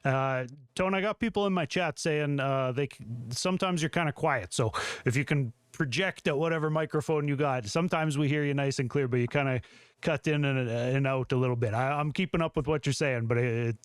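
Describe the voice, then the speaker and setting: A man's voice: mid-range voice, a little fast, clear, resonant tone, dry recording. A male podcast host chatting casually and agreeably with his guests. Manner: laid-back, agreeable, many "yeah"s. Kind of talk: casual interview chat.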